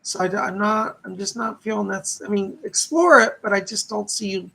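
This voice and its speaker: Gravelly, husky man giving psychic readings. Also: high voice, fairly even intonation, moderate pace, sharp tone. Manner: chatty, upbeat, reads comments aloud. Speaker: psychic medium hosting live readings. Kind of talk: live-stream psychic readings.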